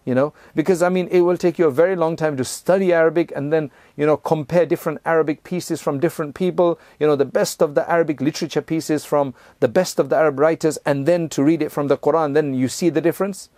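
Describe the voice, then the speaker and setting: A man teaching a religious lesson in a relaxed, conversational way. He often checks in with his listeners and works through each point step by step. His voice is somewhat high but mellow in tone, and the recording is close and dry. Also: fast, few pauses, dry recording. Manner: conversational, explains step by step, frequent "right?" and "you know"; recites Arabic verses in a chanting tone. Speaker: Islamic teacher.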